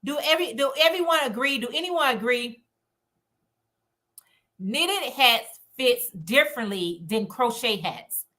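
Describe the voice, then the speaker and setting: A woman's voice: on the high side, animated, a little slow, pushed and bright. A woman hosting a casual live stream, chatty and encouraging as she reads out and answers comments from viewers. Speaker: livestream host.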